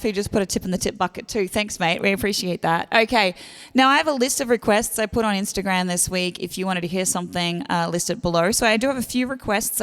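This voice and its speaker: An Australian woman casually chatting to her livestream viewers as the singer hosting the show, warmly thanking tippers by name. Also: on the high side, clear, resonant tone. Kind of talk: casual chat to online viewers. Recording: long reverb with instrument music.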